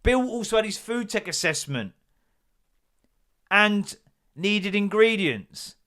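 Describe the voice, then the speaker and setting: A man's voice: high voice, slow. Exasperated man ranting comically. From Britain. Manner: animated, exasperated, swears freely. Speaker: podcast host. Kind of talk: comedic storytelling rant.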